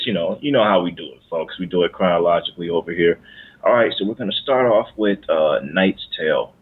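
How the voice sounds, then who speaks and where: A man with a very low voice chats loosely about films, padding his talk with ums and false starts. The sound is thin and phone-like, as if he calls in over a narrow line. He is from Michigan and talks like a regular host among friends. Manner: rambling, many fillers and restarts. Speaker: podcast co-host. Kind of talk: casual chat.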